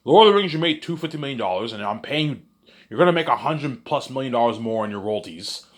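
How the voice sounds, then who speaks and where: A man's voice: medium pitch, expressive, fast. A man rambling in a casual monologue, repetitive and boastful. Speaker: monologue host.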